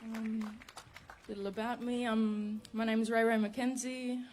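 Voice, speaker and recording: A young woman, a rapper talking earnestly to a live crowd between songs, quietly and quickening when excited. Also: on the high side. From Northern Territory, Australia. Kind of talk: onstage talk between songs. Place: outdoor festival stage.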